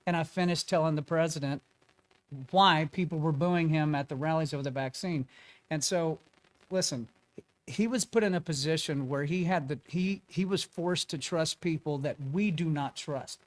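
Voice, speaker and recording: A man's voice: on the high side, a little fast. A man telling a story as a guest in a casual interview, acting out the quotes of the people in it. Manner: animated storyteller, acts out quotes.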